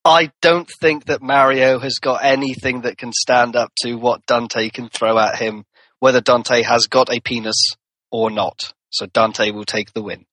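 Flat-voiced matter-of-fact man. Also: mid-range voice, measured pace, dry recording, poor audio. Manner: brief, matter-of-fact verdict. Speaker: panelist. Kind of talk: casual podcast banter.

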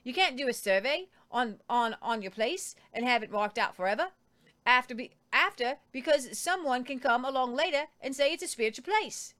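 A woman's voice: high voice, animated, normal speed, fairly bright tone. A woman voicing a male Australian farm leader in a put-on Australian accent, reading his words aloud. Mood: matter-of-fact.

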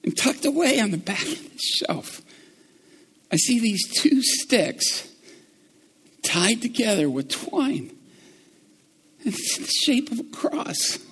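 A middle-aged male preacher giving a sermon, moving from hushed, low storytelling to loud, fervent preaching. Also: very animated, takes it slowly, pauses often, husky, in a large hall.

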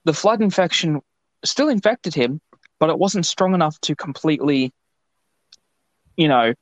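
A man's voice: a little high, measured pace, dry recording. A man from Australia, co-hosting a podcast in casual, rambling chat. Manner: rambling, animated storytelling. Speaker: podcast co-host. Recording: dull lo-fi podcast audio.

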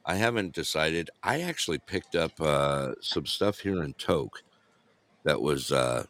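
A man's voice: rumbling low, animated, unhurried, fairly bright tone. A man co-hosting a show in rambling, jokey casual chat while camping in remote Alaska. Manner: rambling, jokey, laughs often. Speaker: co-host.

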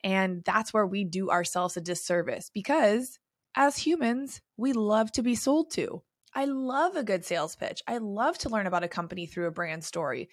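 A woman's voice: mid-range voice, moderate pace, no room sound, clean studio sound. A young adult woman hosting a solo podcast, telling stories in a chatty way with lots of fillers. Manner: chatty, filler-heavy storytelling. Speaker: podcast host and beauty industry coach.

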